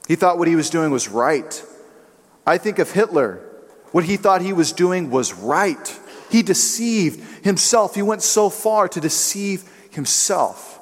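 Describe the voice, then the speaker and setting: A man's voice: high-pitched, expressive, a little slow. A man preaching a sermon in an emphatic way, now and then acting out what others say in changing voices. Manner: emphatic, acts out quotes in shifting voices. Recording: long hall reverb.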